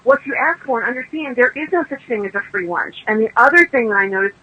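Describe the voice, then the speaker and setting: A woman author talks fast in a slightly high, animated voice with a bit of roughness, and the recording sounds muffled. During the interview she tells stories in a chatty, emphatic style, acting out the people she quotes.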